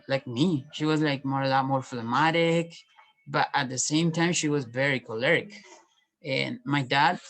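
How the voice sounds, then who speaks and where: Halting, soft-spoken man reflecting. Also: mid-range voice, rough recording. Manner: halting, many restarts and pauses. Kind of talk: personal reflective monologue.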